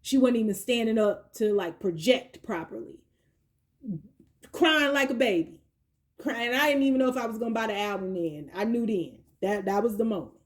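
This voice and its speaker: A woman giving a chatty tarot reading, slangy and playful, with quick asides. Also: on the high side. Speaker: tarot reader. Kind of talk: casual tarot reading monologue.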